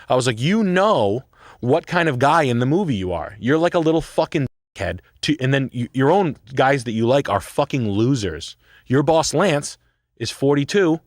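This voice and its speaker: A man tells a long profane story in casual talk, swearing freely and acting out both sides of the argument. His pitch swings widely as he quotes people. The sound is dry and close to the mic. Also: normal speed, dry recording. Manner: animated, swearing, quoting himself and others.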